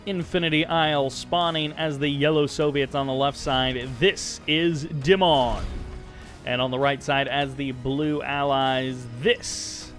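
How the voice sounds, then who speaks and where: A man's voice: on the high side, fairly bright tone. An American man giving casual, chatty play-by-play commentary on a strategy game, upbeat and self-deprecating.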